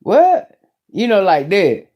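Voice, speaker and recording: A woman's voice: mid-range voice, animated, a little slow, lo-fi sound. A middle-aged woman hosting her own YouTube channel, talking in a blunt, profane, rambling way as she rants casually to her viewers. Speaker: YouTube commentary host. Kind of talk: casual rant to camera.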